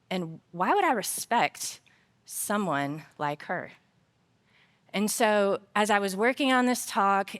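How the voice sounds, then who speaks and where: A woman speaking at a conference, giving a faith-based talk on work, telling personal stories with humor before turning earnest and reflective. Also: medium pitch. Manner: storytelling, lively personal anecdotes told with humor; earnest and reflective when drawing the lesson. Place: conference stage.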